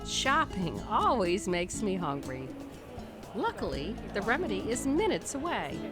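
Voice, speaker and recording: A woman's voice: medium pitch, sing-song, measured pace. A woman reading scripted voice-over narration for a travel cooking show. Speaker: host narrating. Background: guitar music.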